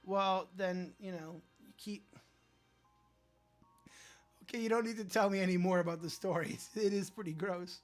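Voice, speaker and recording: A man's voice: fairly even intonation, normal speed, pauses often, faint music behind. A man hosting a casual livestream, reading viewer comments aloud and reacting dryly. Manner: low-key, dry, reads comments aloud and reacts. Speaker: livestream host.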